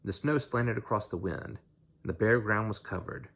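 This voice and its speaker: A man's voice: fairly low pitch, normal speed, creaky, fairly bright tone, slight background noise. A man reading a novel aloud in an unpolished way, with slips and restarts. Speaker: audiobook reader.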